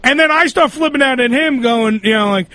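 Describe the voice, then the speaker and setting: A man hosts a crude comedy talk show with a very high, bright voice. He tells his stories in a loose, rambling, raunchy way. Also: brisk, no room sound. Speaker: radio show host.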